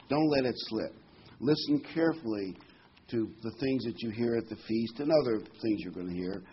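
A pastor preaching a sermon in a conversational, folksy way, repeating key words for emphasis. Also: male voice, lowish voice, highs cut off, a little hiss or hum.

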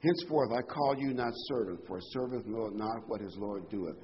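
A man preaching a sermon in a conversational, animated way. His pitch jumps up when he quotes people. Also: fairly quick. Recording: dull lo-fi sound with faint noise.

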